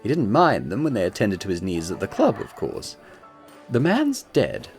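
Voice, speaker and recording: A man's voice: lowish voice, huge pitch swings, moderate pace, darkish tone, soft background music. A man voicing a posh, scheming woman crime boss in a haughty drawl, in a tabletop game. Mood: smirking, cold.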